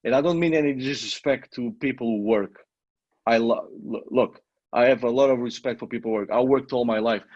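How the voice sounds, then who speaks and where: A man's voice: mid-range voice, darkish tone, slightly rough, dry recording. A middle-aged man with a foreign accent, English not his first language, giving an emphatic motivational coaching talk that repeats points and swears casually. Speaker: online marketing coach. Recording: dull lo-fi audio.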